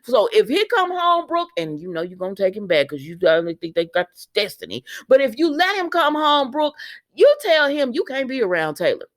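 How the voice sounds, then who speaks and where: A woman with a fairly high voice recaps the day's soap opera in a loose, chatty way. She is animated and scolds the characters directly as if they could hear her. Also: normal speed, dry recording, clean studio sound. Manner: animated, talks back at the characters. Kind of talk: casual spoken recap.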